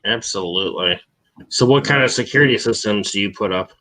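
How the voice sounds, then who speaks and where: A man with a bright, forceful voice joins a panel chat as a guest. He talks in a playful, joking way. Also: fairly low pitch, fairly quick.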